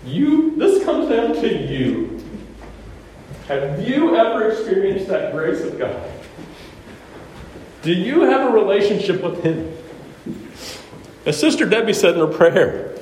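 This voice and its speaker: A male pastor delivers a sermon in a high, lively voice that climbs and drops freely. He talks to the congregation in a conversational, animated way, full of rhetorical questions. The sound rings around a large echoey sanctuary, picked up from some distance with a faint hiss. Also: measured pace, pauses often. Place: church sanctuary. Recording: echoey church room, mic at a distance.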